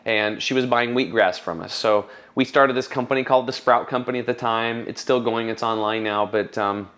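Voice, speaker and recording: A man in his thirties telling his story in an interview, passionate and quick to act out what people said. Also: mid-range voice, steady tone, a bit bright. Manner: passionate, restarts often, quotes people in raised voice. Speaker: supplement formulator, guest.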